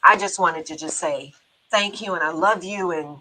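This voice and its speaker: A middle-aged woman hosting a talk show, telling a personal story in a chatty, quick-bursting way with laughs in her speech. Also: fairly low pitch, noisy background. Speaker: show host. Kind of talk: casual heartfelt talk-show chat.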